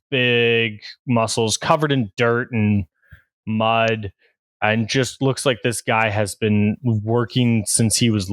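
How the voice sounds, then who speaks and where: A man's voice: lowish voice, clean tone, no echo. A man running a tabletop game as game master, narrating in a casual way with many fillers.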